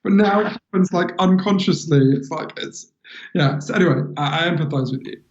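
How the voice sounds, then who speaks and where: A British author as an interview guest, telling stories in a lively, animated way and laughing between lines. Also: male voice, on the high side, fairly quick, dull audio. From Britain. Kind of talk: casual interview chat.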